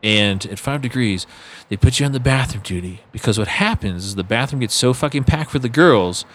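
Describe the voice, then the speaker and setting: A man's voice: medium pitch, a little fast. A man telling stories about working club doors in a casual late-night chat, acting out quotes as he goes. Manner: animated storyteller, acts out quotes, swears casually. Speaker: podcast guest, former bouncer.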